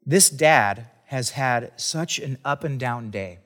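A man's voice: mid-range voice, expressive, slow, a bit bright, in a large hall. A man preaching a conversational sermon as a pastor, talking casually and chattily with restarts and asides.

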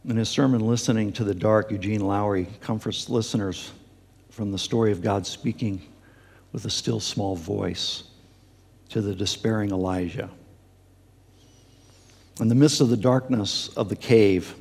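Gravelly-voiced pastor preaching in a hall. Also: male voice, lowish voice, fairly even intonation, a little slow, pauses often, a little mellow. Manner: earnest preaching with fillers and restarts. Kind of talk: sermon. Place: church sanctuary. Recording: long hall reverb.

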